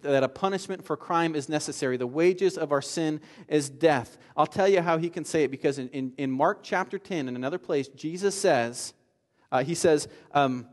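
Earnest preacher man in a reverberant hall. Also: a little high. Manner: earnest, builds from soft pleading to fervent emphasis. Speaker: pastor. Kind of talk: sermon.

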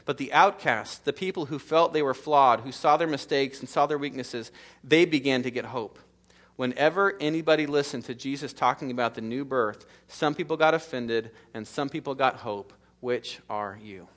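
A man's voice: medium pitch, normal speed, a bit bright. A middle-aged man preaching a sermon in a church, with an emphatic, repetitive cadence that builds through lists of short phrases. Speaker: pastor. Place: church sanctuary.

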